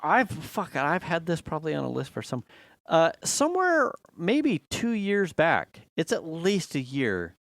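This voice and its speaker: A man co-hosting a podcast in casual chat, animated, swearing often and laughing a lot. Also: a little high, measured pace, dry recording, studio quality. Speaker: podcast co-host.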